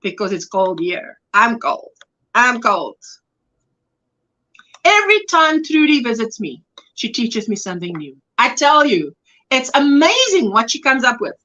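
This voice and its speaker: A woman's voice: fairly high pitch, very animated, measured pace, pushed and bright, muffled recording. A woman hosting a crochet livestream, chatting casually and affectionately greeting her viewers by name. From South Africa.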